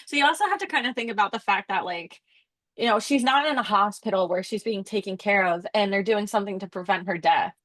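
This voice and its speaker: A young woman leads a casual class discussion, chatty and quick to laugh. Her voice sits in a middle range. The sound is dry and close, with no room around it. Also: mid-range voice, fairly bright tone, dry recording. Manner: chatty, laughs often, addresses the group as guys. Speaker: student leading a book discussion.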